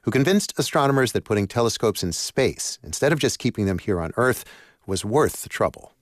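A man reporting a radio news story in a measured, clear voice. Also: on the low side, lively intonation, dry recording, studio quality. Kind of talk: scripted radio news narration.

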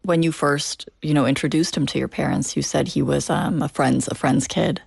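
Gravelly-voiced woman asking gentle questions. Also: deep voice, steady tone, moderate pace, no echo, studio quality. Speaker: interviewer. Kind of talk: conversational interview.

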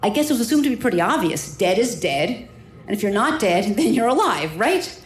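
A middle-aged woman doctor telling a personal story to a live crowd. Her delivery is vivid and self-deprecating, and her voice sits at an ordinary middle pitch. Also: sing-song, fairly quick, roomy sound.

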